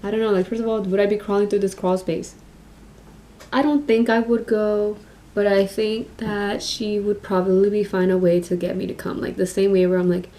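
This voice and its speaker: Young woman, soft-spoken, mumbly, casual makeup vlog chat, mid pitch. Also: fairly even intonation, a little fast. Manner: soft-spoken and mumbly, chatty with many fillers. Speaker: makeup vlogger.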